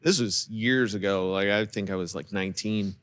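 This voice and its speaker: A man's voice: fairly low pitch, moderate pace, fairly bright tone. A man, a drummer and guest, chatting casually in an easygoing, amused way about landing gigs. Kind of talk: casual chat.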